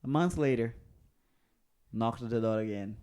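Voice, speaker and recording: Brazilian man telling a story, mellow voice. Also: mid-range voice, moderate pace, smooth. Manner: animated storyteller, acts out quoted voices. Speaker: podcast co-host, comedian. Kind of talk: casual storytelling chat.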